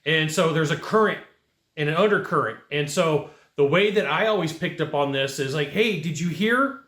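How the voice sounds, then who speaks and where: A man's voice: on the high side, moderate pace, fairly bright tone, roomy sound. Emphatic man giving blunt job advice. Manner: direct and repetitive, emphatic with rhetorical asides. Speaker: channel host giving career advice. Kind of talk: casual advice monologue.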